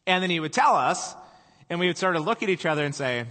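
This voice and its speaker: A man's voice: fairly high pitch, expressive, brisk, pushed and bright. A middle-aged man preaching a sermon, telling stories in a casual, conversational way with self-deprecating humor. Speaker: pastor. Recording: long hall reverb.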